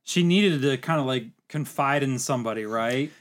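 Halting man analyzing a film. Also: mid-range voice. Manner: thoughtful, halting, many fillers and restarts. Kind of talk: casual movie discussion.

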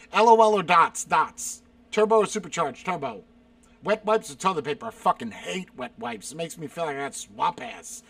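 A man's voice: sits high, expressive, moderate pace, gravelly, long pauses, a bit bright, no echo. A man reading viewer questions aloud and firing back blunt, profane one-word answers in a casual stream chat. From South Carolina. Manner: reads questions aloud and answers bluntly, swearing, exasperated outbursts.

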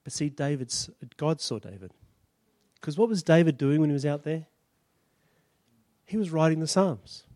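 A man preaching a sermon, retelling a story with animated delivery and acting out the characters. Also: a little high, moderate pace, pauses often, no room sound.

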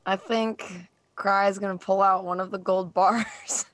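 Slow-talking joking woman player. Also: medium pitch, fairly even intonation. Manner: joking, casual, swears. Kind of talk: casual tabletop play.

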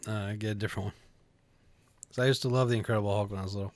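A man's voice: lowish voice, steady tone, very fast, a little mellow, no room sound. A man chatting casually, laid-back and hesitant, with many fillers and frequent laughs. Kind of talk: casual chat.

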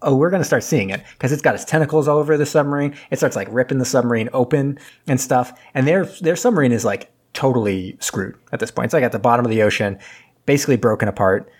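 A man's voice: mid-range voice, fast talker. Rambling man recapping a movie. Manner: rambling, filler-heavy, loses his train of thought. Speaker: podcast co-host recapping a movie.

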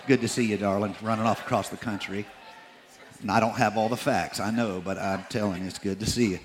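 A man preaching a sermon in a folksy, joking way, dropping into quiet asides between scripture readings. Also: fairly low pitch, lively intonation, brisk. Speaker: pastor.

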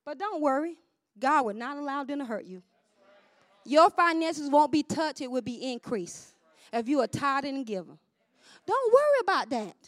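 A woman preacher delivers a fervent sermon in a high voice. She rises into shouted proclamations and drops to low asides, calling for responses. The sound is dry and close, with no room echo. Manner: fervent, call-and-response preaching with swings from shouts to near-murmurs.

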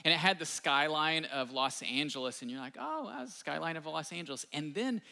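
A man preaching a sermon in a lively, conversational way, full of fillers and quick asides. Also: a little high, vocal fry, in a large hall. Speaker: pastor.

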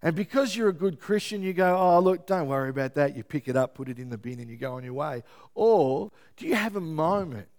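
A man preaching a sermon as pastor, lively and often checking in with his listeners. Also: on the high side, brisk. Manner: lively, keeps checking in with the congregation.

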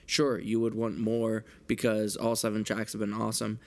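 A man co-hosting a music podcast, with a gravelly, vocal-fry edge to his voice. He sounds upbeat and enthusiastic, explaining things in plain terms for listeners. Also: fairly low pitch, completely flat delivery, normal speed. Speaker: podcast co-host. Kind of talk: casual music review chat.

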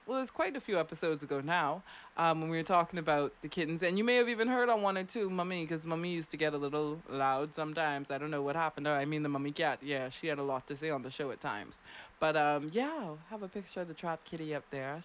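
A young woman hosting a late-night radio show from a studio, chatty and teasing, laughing often. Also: low-pitched. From Bahamas.

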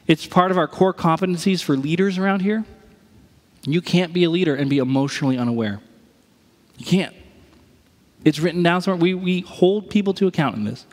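High-voiced pastor preaching in a hall. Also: male voice, a little fast, pauses often, darkish tone. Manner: conversational, acts out quoted voices. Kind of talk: sermon.

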